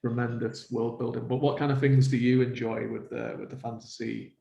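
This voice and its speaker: A man's voice: mid-range voice, little pitch movement, brisk, creaky, dark tone. A man from England, hosting a chatty interview and affirming often. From northern England. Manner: chatty, affirming with frequent yeahs. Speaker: podcast host. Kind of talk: casual interview chat. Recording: roomy, dull-sounding call audio.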